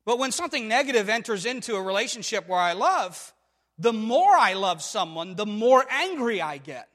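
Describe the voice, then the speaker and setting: High-voiced preacher in a reverberant hall. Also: male voice, sing-song, moderate pace, fairly bright tone. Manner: emphatic preaching, rhetorical questions to the congregation. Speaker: pastor. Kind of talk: sermon.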